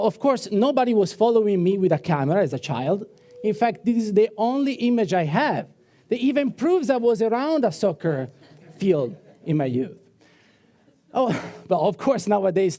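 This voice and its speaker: High-voiced Italian man pitching on stage. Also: warm tone. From Italy. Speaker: startup founder pitching. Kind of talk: rehearsed pitch presentation. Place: event hall on stage.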